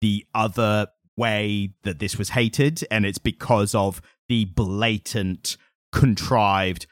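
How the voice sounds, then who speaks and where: A man's voice: fairly low pitch, fairly even intonation, slow pace, no echo, clean studio sound. A man co-hosting a podcast, chatting casually about comics, rambling with lots of "like" and frequent laughs. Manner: rambling, laughs often, hedges with "like". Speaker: podcast co-host. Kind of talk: casual comic-book chat.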